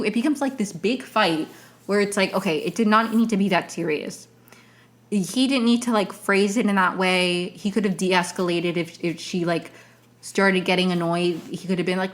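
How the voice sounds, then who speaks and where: A young woman talks through her opinions on a solo podcast, circling back and repeating herself as she vents. Her voice sits a little low, and her casual commentary keeps piling up fillers and self-corrections. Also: fairly quick. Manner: rambling and exasperated, many fillers and restarts. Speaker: podcast host.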